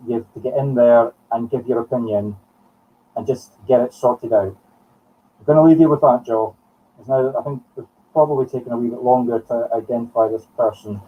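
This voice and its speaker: Scottish guy doing a live medium reading, husky voice, kinda muffled, sounds off the mic. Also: mid-range voice, recorded from a distance. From Scotland. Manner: halting, thinking aloud in short phrases. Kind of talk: live spiritualist broadcast. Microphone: streaming from home.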